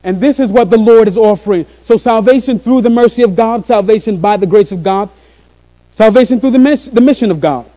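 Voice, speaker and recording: High-voiced preacher, mellow and dull. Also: male voice. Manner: earnest, slows on key phrases. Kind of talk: sermon. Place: room with a congregation.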